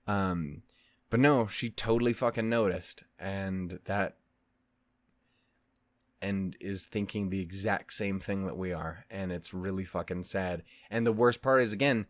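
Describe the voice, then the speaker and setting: A reaction video host gives emotional, profanity-heavy commentary that rambles and frequently restarts, with a voice actor's expressive delivery. His voice is low and unhurried, with no room sound.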